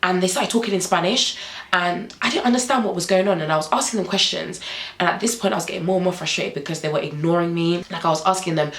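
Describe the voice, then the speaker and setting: A woman's voice: on the low side, fast talker, a bit bright, echoey room, poor audio. A young woman vlogger telling a story animatedly, acting out the dialogue.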